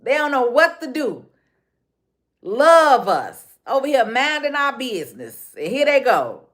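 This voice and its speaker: A woman's voice: high-pitched, big pitch swings, a little slow, a bit bright. A woman with a Chicago accent ranting live into her phone. She talks bluntly, circles back over the same points, and slips easily into street slang. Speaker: livestream host. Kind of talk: casual livestream rant.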